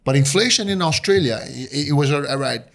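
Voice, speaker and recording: A Brazilian man in his fifties, a native Portuguese speaker with a Brazilian accent, appears as a guest investor in an interview. His voice sits on the high side and sounds animated, fairly quick and creaky as he tells his story and acts out voices.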